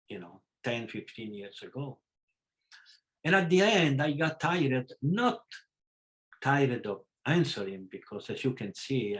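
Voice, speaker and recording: A man with a non-native English accent gives a spiritual class over a video call, in a voice of ordinary mid pitch. He speaks haltingly, with fillers and self-corrections, then turns frank and emphatic and suddenly stresses words loudly. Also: low-quality recording. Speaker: spiritual teacher. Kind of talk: live class lecture.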